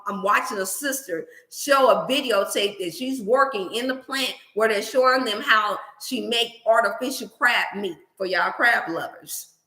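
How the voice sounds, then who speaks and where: A woman hosting a motivational wellness livestream, preaching in an animated, scripture-laced way. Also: medium pitch, roomy sound. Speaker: wellness channel host.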